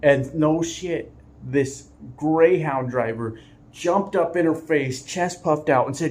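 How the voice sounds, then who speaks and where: A man's voice: a little high, slow, a little mellow. A man who drives trucks for a living, telling a story casually, often laughing and swearing lightly.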